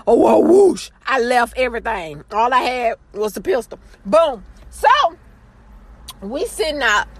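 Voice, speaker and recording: A woman telling a story about her family to viewers in a chatty, dramatic way, jumping between loud exclaims and low asides and calling out to the audience. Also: no room sound. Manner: chatty, addresses the audience directly with "girl" and "y'all". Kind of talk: casual storytelling to camera.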